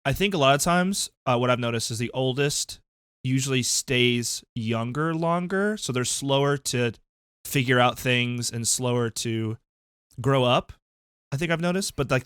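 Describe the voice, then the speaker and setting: Lively young man in casual podcast chat. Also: normal speed, clean tone, dry recording, studio quality. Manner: animated, jumps up in pitch when excited. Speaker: podcast co-host.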